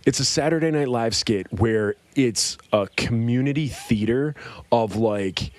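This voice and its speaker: A man's voice: medium pitch, measured pace, a little mellow, no echo. A man co-hosting a podcast in casual chat, rambling and laughing as he retells comedy sketches. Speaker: podcast co-host.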